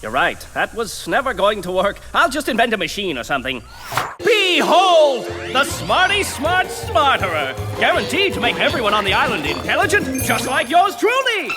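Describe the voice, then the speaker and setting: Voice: mid-range voice, huge pitch swings, moderate pace, music in the background. A voice actor playing a vain, scheming know-it-all mutant in a cartoon, talking down to everyone in a haughty, pompous way. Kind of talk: cartoon voice acting.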